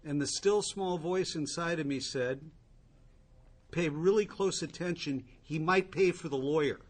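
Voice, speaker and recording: A man's voice: fairly high pitch, a little slow. A man telling his own recovery story to a group, candid and wry, with asides to the listeners. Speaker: recovery speaker.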